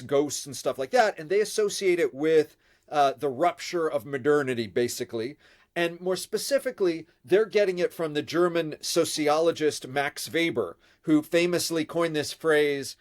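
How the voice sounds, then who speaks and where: A middle-aged man, a professor, answering interview questions at length, his voice nasal from a head cold and his speech measured and full of pauses. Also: a little high. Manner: measured, with frequent uh fillers. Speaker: guest, professor of religion.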